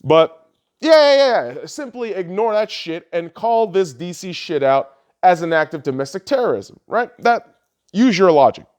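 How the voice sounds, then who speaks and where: A man hosting a podcast, ranting heatedly and swearing often, his voice lurching between loud outbursts and low mutters. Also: sing-song, unhurried. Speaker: podcast host. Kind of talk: ranting political commentary.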